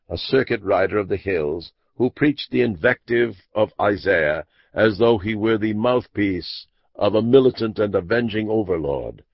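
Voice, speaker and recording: A man narrating a classic mystery audiobook in a measured, expressive storytelling manner. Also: on the low side, no room sound. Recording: dull dry lo-fi audiobook recording.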